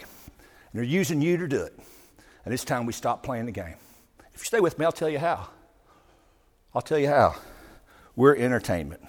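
Fired-up man speaking in a reverberant hall. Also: husky. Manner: emphatic, swings from loud outbursts to low asides. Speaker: public speaker addressing a live audience. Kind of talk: impassioned speech to a crowd.

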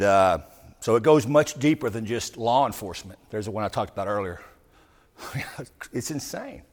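A man giving an impassioned speech to a live audience, talking emphatically and swinging from loud outbursts to low asides. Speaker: public speaker addressing a live audience. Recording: long hall reverb.

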